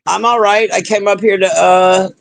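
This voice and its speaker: A man chats casually as a guest on a live stream, asking friendly, curious questions. His voice is high for a man and gravelly, with a dry sound. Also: fairly even intonation, normal speed, no room sound. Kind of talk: casual conversation.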